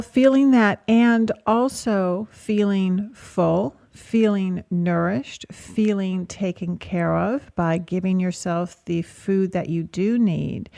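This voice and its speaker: Mellow-voiced woman radio advice host. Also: on the low side, gravelly. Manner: calm, coaching, speaks in gentle repeated phrases. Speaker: radio talk show host and therapist. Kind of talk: advice call-in radio talk.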